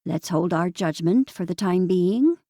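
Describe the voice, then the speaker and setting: A woman voicing a cautious middle-aged wife who speaks in a measured, firm way. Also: fairly low pitch, lively intonation, warm tone, no room sound, clean studio sound.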